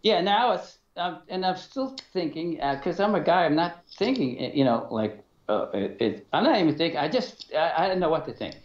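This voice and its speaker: A middle-aged man telling a personal story as an interview guest, halting and full of fillers and restarts, acting out dialogue. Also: a little high, big pitch swings. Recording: dull, roomy sound.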